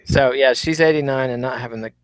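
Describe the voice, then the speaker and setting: A man's voice: mid-range voice, fast talker, no room sound. A middle-aged man from the Texas Panhandle with a Midwestern accent, co-hosting a podcast in dry, wry, opinionated casual chat. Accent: Midwestern American, Texas Panhandle. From Texas Panhandle, USA. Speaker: podcast co-host.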